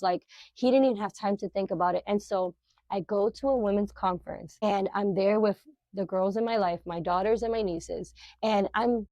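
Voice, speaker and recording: A middle-aged woman, a podcast guest, telling a personal faith testimony in an animated, emotional, filler-heavy way. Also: mid-range voice, moderate pace, dry recording.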